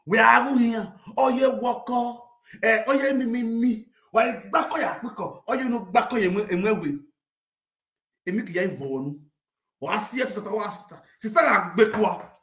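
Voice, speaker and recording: A man with a Nigerian accent telling a comic rant, animated, mixing Pidgin and local languages and bursting into shouts. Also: sits high, moderate pace. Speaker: comedic storyteller. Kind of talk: comic rant sharing gossip. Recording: roomy echo.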